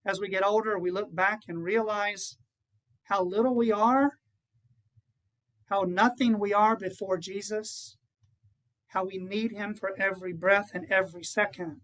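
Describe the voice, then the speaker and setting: A man's voice: sits high, steady tone, a little slow, pauses often, a bit bright, poor audio. A man who is a priest, giving an earnest retreat conference to fellow priests and often putting rhetorical questions to them.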